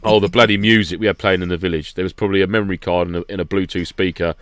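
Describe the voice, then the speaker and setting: A man with a fairly low voice tells a long, rambling story and laughs his way through it in a relaxed podcast chat. The sound is dry and close to the mic. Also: very fast, dry recording. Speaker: podcast guest regular recounting an event. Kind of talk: casual chat.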